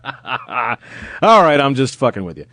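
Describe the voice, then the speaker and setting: Lively, teasing man hosting a sports show. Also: mid-range voice, takes it slowly, dry recording. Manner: joking, teasing, stammers often. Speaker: podcast host. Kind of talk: casual sports chat.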